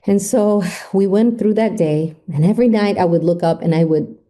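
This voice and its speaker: Dark-voiced woman retelling her story. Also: mid-range voice, moderate pace. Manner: emotive retelling, acts out quoted speech. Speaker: podcast guest. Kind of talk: personal storytelling interview.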